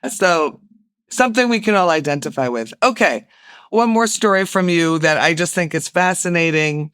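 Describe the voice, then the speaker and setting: A woman hosts a news podcast, asking her guest questions in an easy, conversational way. Her voice is smooth and resonant, recorded close and dry. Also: on the low side, expressive, normal speed, fairly bright tone, no echo. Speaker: podcast host.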